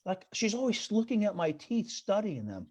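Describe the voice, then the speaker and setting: A man's voice: high voice, sing-song, normal speed, dark tone. A male stand-up comedian tells rambling stories over a video call. He keeps insisting "I swear to God" and tumbles from one anecdote to the next.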